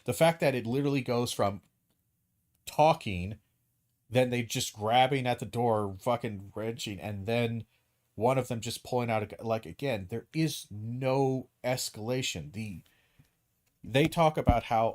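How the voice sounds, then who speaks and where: A man's voice: mid-range voice, a little slow, a little mellow. A man hosting a live stream, ranting angrily and profanely about a news video, with frequent restarts and acted-out quotes. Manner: acts out hypothetical dialogue in quoted voices. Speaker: streamer host.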